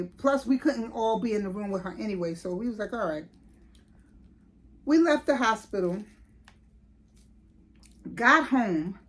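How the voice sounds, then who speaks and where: A middle-aged woman, casually telling a story in a vlog and acting out the voices of people she quotes. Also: on the high side. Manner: animated, lively retelling with quoted voices and laughs. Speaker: vlogger.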